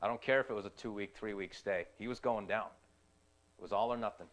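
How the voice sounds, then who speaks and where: A young man, a youth ministry volunteer, giving a personal testimony in an earnest, halting way, often repeating his phrases. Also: lowish voice, fairly bright tone.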